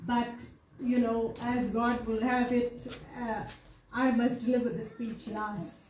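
A middle-aged South African woman gives an earnest, emotional eulogy for her father in a temple hall, with a carefully measured delivery. Her voice is fairly high and darkish but flat, with slight background noise and echoey hall sound.

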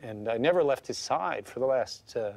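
A man's voice: medium pitch, lively intonation, normal speed, gravelly, no echo. Earnest man recalling plainly. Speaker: interviewee. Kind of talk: personal recollection in an interview.

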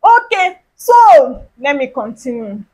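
Nigerian lady doing a storytime vlog, pretty high voice, big swoopy delivery. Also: slow pace, poor audio. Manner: animated storytelling with big pitch swings and acted-out dialogue. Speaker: vlogger.

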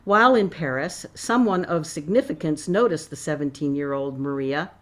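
Woman reading her own novel aloud. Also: low-pitched. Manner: measured, expressive reading. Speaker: author.

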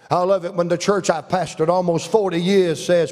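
Preaching a folksy revival sermon laced with humor and stories, an older man with a Southern American accent speaks at normal speed with few pauses. His voice sits on the high side, steady and a little mellow, and the church sanctuary adds a long reverb.

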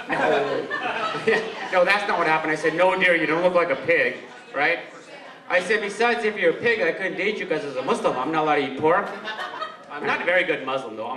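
A man performing a stand-up comedy set, chatting with the crowd. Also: sits high. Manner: conversational, banters with the crowd. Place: comedy club. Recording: echoey club from far off with crowd.

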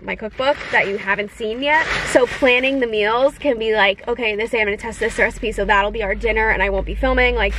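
Excitable high-voiced young woman vlogger. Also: a little hiss or hum, poor audio. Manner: gushing, excitable, gasps often. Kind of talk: casual unboxing chat.

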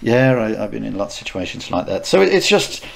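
A man's voice: fairly low pitch, big pitch swings, fairly quick, vocal fry. A middle-aged man co-hosting a podcast, telling anecdotes casually with many restarts and laughs. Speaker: podcast co-host. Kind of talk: casual chat, storytelling.

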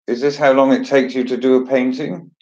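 A man's voice: medium pitch, fairly even intonation, brisk, a little mellow, lo-fi sound. A man hosting a casual chat, joking and chatty with theatrical asides. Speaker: host.

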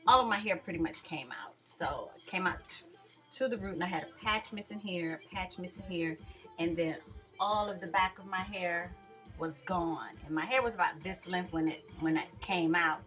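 A woman's voice: lowish voice, moderate pace, bright, forceful tone, faint music behind. A woman chatting casually about her hair in a home vlog, friendly and rambling. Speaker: beauty vlogger.

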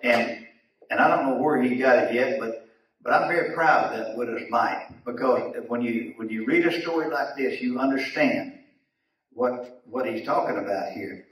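A man's voice: mid-range voice, normal speed, a bit bright. A man teaching a Bible lesson in Sunday school, folksy and chuckling, often repeating his words. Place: church classroom. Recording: echoey room, mic far off.

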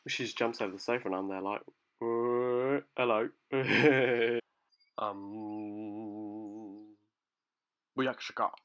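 Slow-talking man telling a casual story. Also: on the low side, fairly even intonation, fairly bright tone. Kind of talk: casual chat.

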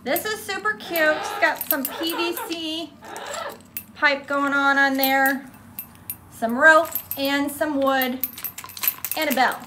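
A woman's voice: high voice, takes it slowly, long pauses, background noise. A middle-aged woman giving a casual show-and-tell vlog about bird toys and perches, chatty and cooing baby talk to her parrots. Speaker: parrot rescue founder and vlogger. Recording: background music.

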